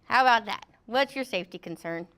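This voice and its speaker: Woman, high pitch, safety trainer, jokey, acts out quotes, classroom talk. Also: animated, a little fast, pushed and bright, clean tone. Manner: joking, acts out quotes in funny voices.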